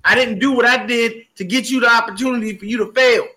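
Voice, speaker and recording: A man with a high, bright, ringing voice riffs through a loose sports podcast. He tells stories with big energy and swears constantly. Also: fast talker. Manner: animated storytelling with heavy cursing. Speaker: podcast co-host. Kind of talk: casual profane sports chat.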